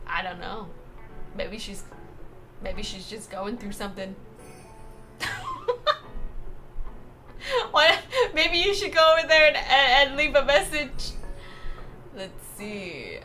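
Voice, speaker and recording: A young woman streamer reading chat aloud in a casual, playful way, laughing often and exclaiming loudly when excited. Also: fairly high pitch, slow, pauses often. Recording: music playing behind.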